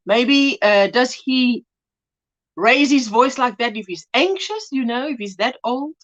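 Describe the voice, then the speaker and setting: A woman's voice: a little high, a bit bright, highs cut off. A woman hosting a casual crochet livestream, chatty, greeting viewers and reading their comments aloud. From South Africa. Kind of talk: casual live-stream chat. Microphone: phone.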